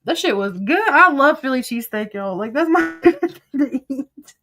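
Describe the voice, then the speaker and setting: A woman's voice: high voice, lively intonation, normal speed, fairly bright tone, slight background noise. A woman talking casually as she reads her text messages aloud. She is chatty and profane, laughs often and wanders off topic. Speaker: commentator.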